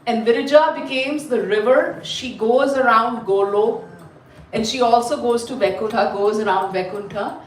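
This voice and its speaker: A woman from India, telling a story to a class in an animated, chatty way and quizzing her listeners. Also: fairly high pitch, normal speed, slight background noise. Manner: animated, chatty, asks the group questions. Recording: roomy, mic at a distance.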